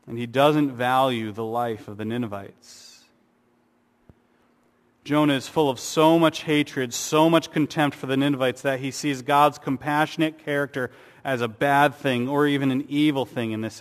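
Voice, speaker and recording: A man preaching a sermon, earnest, with rhetorical questions and sarcastic asides. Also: medium pitch. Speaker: pastor. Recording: long hall reverb.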